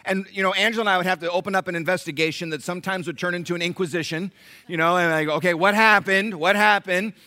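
Male pastor, middle-aged, high bright voice, dry close sound, lively sermon. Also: very fast, dry recording. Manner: animated, conversational, quizzing the congregation. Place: church sanctuary.

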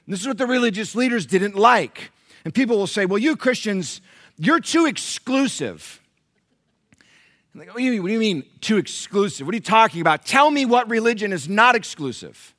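This male pastor has a high, sharp voice as he preaches to the congregation gathered in church. He alternates rhetorical questions with humorous anecdotes about himself.

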